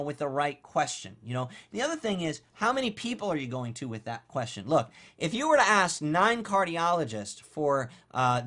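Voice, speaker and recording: A man coaching on online marketing in a casual, blunt monologue, animated and conversational, with offhand swearing. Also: fairly high pitch.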